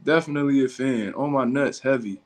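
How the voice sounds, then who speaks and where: A man's voice: mid-range voice, brisk. A man hosting a casual livestream who reacts to viewer comments in blunt, slangy, profane talk. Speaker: livestream host.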